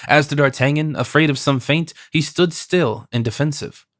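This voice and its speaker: A man narrating an audiobook in a steady, even reading. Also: fairly high pitch, moderate pace, dry recording, clean studio sound. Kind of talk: scripted narration.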